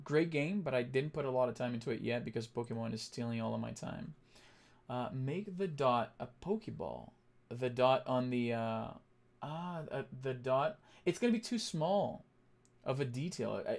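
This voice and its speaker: A young man on a casual live stream, thinking aloud as he works and chatting back to his viewers, with lots of halting fillers and restarts. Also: mid-range voice, gravelly, darkish tone. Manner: thinks aloud, reads chat and answers it.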